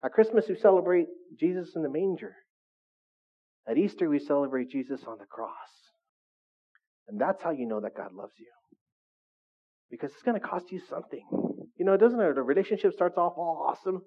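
A man's voice: a little high, animated, fairly quick, pauses often. A middle-aged male pastor preaching a sermon in a conversational way, often asking his listeners questions. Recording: phone-like narrow sound.

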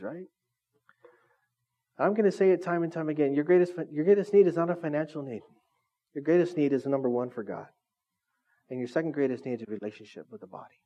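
A man's voice: on the high side, dark tone, muffled recording. A middle-aged man preaching a casual sermon as lead pastor of a small church, conversational and self-deprecating, often checking in with the congregation.

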